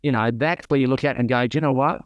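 In a casual podcast chat, a middle-aged guest with an Australian accent rambles through earnest stories and tends to repeat himself. He talks fast at a medium pitch, and the recording is dry with dull audio.

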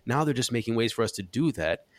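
A man's voice: medium pitch, expressive, quick pace, no echo. A man hosting a podcast, reading crypto news and adding wry, offhand asides. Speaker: podcast host. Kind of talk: casual crypto news commentary.

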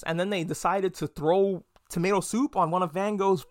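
A young man riffs through an anime review in a casual, animated way, swearing freely and acting out little quotes. His voice sits slightly high. The mic is close and dry, with no room sound. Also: a little fast, few pauses, no echo. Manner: animated, profane, jokey, acts out quotes. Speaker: podcast host reviewing anime. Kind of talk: casual solo review monologue.

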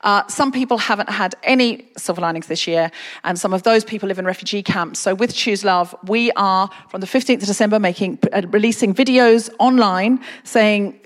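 A woman hosting a live podcast on stage, brisk and upbeat. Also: medium pitch. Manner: brisk, upbeat, quick to move on. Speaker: podcast host. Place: London concert hall stage. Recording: long hall reverb, live audience.

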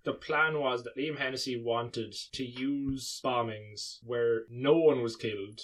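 A man's voice: mid-range voice, steady tone, measured pace. A man co-hosting a podcast, chatting casually with dry, joking asides. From Ireland. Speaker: podcast co-host. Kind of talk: casual chat.

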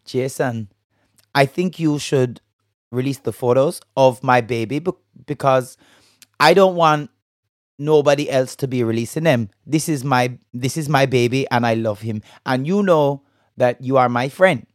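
A man's voice: medium pitch, dry recording, studio quality, close to an everyday voice. A man putting on a Barbadian pop star woman. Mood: pleading, fond. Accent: attempted Barbadian. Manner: halting, amateur impression with slips. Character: Barbadian female pop star, gentle and affectionate.

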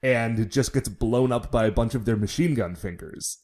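Relaxed man with a mellow voice. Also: mid-range voice, normal speed. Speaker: podcast co-host. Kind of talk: casual episode recap chat.

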